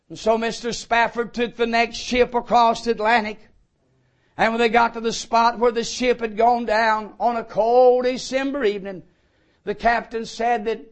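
High-voiced fervent preacher, slow and shouting. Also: male voice. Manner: fervent, breaking into shouts of praise. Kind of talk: sermon.

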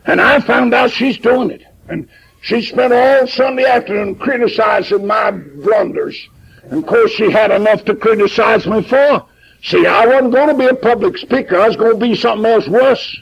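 Gravelly high-voiced preacher. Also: male voice, moderate pace, highs cut off, slight background noise. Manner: folksy, plain-spoken, emphatic. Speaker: pastor. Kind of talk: sermon storytelling.

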